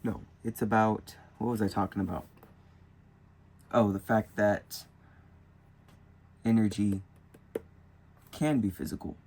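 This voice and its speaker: A man's voice: lowish voice, fairly even intonation, slow pace, pauses often, darkish tone, breathy edge. A young man thinking aloud in a rambling, casual vlog about spirituality while drawing with colored pencils. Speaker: spiritual vlogger. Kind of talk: casual musing monologue.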